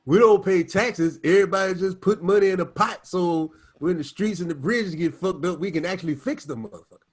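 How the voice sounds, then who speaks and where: A man's voice: high-pitched, brisk, husky. Joking, profane man. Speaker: podcast co-host. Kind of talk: casual chat.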